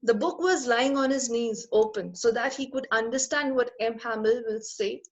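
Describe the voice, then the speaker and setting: A woman's voice: fairly high pitch, low-quality recording. Woman teacher explaining line by line. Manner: explains slowly, repeating and rephrasing each line.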